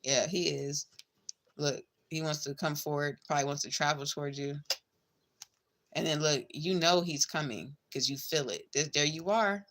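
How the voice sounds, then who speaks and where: A woman's voice: low-pitched, normal speed, background noise. A woman giving a casual tarot reading, chatty and blunt, swearing freely and calling the listener babe and girl. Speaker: tarot reader.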